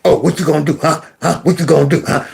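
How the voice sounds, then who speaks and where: A man's voice: a little high, steady tone, fast, vocal fry, darkish tone, pitched below the performer's own voice. A man voicing a cocky, mocking skinny schoolboy who has a grown-man voice and talks in street slang. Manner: taunting, laughing, street slang.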